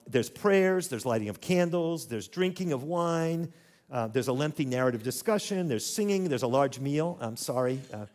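In a church hall, a man with a mid-range, darkish voice teaches the audience conversationally and asks them to repeat words after him.

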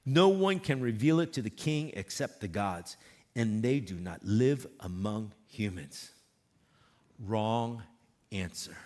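A man's voice: lowish voice, animated, takes it slowly, darkish tone. A man preaching a sermon, reading scripture aloud and retelling it with emphatic repetition. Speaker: pastor.

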